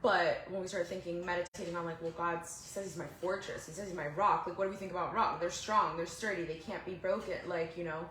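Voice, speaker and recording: A woman in her fifties with a lowish voice shares thoughts in a small church group, rambling and leaning heavily on "like." The room around her is echoey. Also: steady tone, fast talker, hardly any pauses, a bit bright, slight background noise. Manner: rambling, heavy use of "like". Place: house church gathering room.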